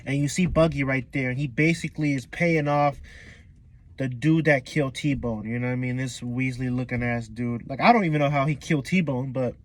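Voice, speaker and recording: A man's voice: medium pitch, brisk. A man casually recapping a comic chapter in a slangy, profane way, breaking into laughter often. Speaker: manga review YouTuber.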